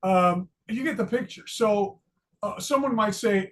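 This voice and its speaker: A man's voice: sits high, a little slow, a bit bright. Chatty retired man teaching psychology. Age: older. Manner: chatty, self-deprecating, many fillers and restarts. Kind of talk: casual lecture video.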